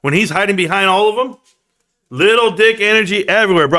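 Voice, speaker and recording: A man's voice: sits high, fast. A man hosting a casual livestream, talking loosely in slang and reading out chat comments. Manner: loose, slangy, animated, reads chat aloud. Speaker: livestream host.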